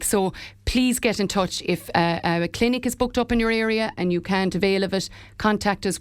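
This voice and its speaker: Woman with a low voice. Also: no room sound. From Ireland. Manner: earnest, informative, with frequent fillers and restarts. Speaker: head of enterprise at a local enterprise office. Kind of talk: radio interview.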